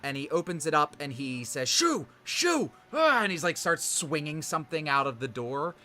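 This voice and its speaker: A man narrating as game master in a tabletop game, in a rambling, animated way. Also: on the high side, fairly quick.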